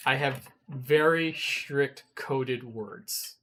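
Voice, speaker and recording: A man telling a story in a casual studio chat, animated, with bursts of swearing as he acts out his own anger. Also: medium pitch, extremely slow, a little hiss or hum. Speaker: guest, web designer.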